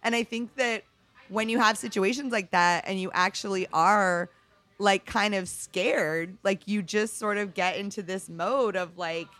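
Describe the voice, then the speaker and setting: A middle-aged woman tends bar and swaps work stories in a laid-back interview, speaking candidly and profanely and saying "like" constantly. Her mid-range voice is fairly bright, with fairly even intonation and a slightly slow pace.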